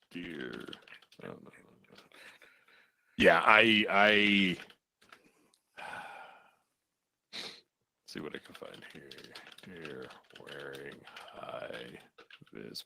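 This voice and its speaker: Animated, profane male talk show host. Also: deep voice, drawn-out words, gravelly, long pauses. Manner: loose and profane, laughs at the stories. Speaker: podcast host. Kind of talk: casual talk show, reading news stories aloud.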